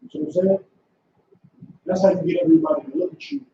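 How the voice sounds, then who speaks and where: A man's voice: sits high, sing-song, fast, warm tone, slight background noise. A man leading a class, preaching in a commanding way and repeating short demands. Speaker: school leader teaching a class. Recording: echoey room, far from mic, dull lo-fi.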